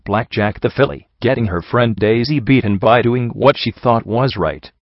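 A man narrating a first-person story as an audiobook reader, in a steady, measured way. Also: mid-range voice, dry recording. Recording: dull lo-fi audio.

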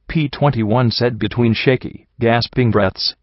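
A man reading a story as narration in an even, measured way. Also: medium pitch, no room sound. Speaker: audiobook reader. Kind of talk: scripted narration. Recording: dull dry recording.

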